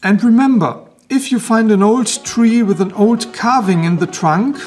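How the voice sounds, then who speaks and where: High-voiced man with a German accent. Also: a little mellow, faint music behind. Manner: measured, explanatory, lecture-like. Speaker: knife reviewer and video host. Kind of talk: scripted narration of a review.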